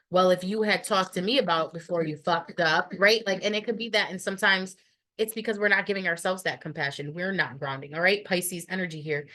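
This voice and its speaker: A woman's voice: fairly low pitch, bright, forceful tone. Blunt, rambling woman tarot reader. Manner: blunt, profane and rambling, many fillers. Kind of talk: casual tarot reading to camera.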